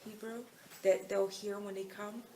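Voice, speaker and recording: A woman's voice: mid-range voice, flat delivery, unhurried, darkish tone, a little hiss or hum. A middle-aged American woman with an American accent, chatting casually and rambling with lots of fillers while out in town. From United States. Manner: chatty, meandering, full of fillers. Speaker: vlogger. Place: outdoors in town.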